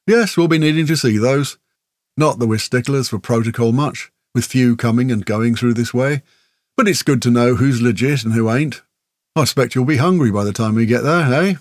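A man's voice: medium pitch, normal speed, no room sound, studio quality, lightly acted. A man voicing a talkative, friendly male islander guide in a homely, folksy way, as an audiobook character voice. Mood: chatty.

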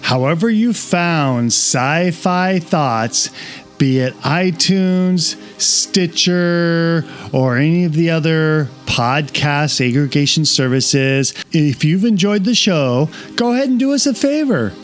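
A man's voice: a little high, lively intonation, slow, soft background music. A man hosting a podcast, affirming his guest and reading the outro. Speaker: podcast host.

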